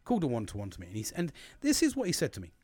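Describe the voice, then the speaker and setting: A man's voice: mid-range voice, huge pitch swings, very fast, a little mellow, no room sound. A British man talking candidly to camera in a rambling, heavily sworn monologue that turns emphatic when he gives advice. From United Kingdom. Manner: blunt, sweary and rambling, with frequent restarts; gets emphatic and preachy when giving advice. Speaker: vlogger.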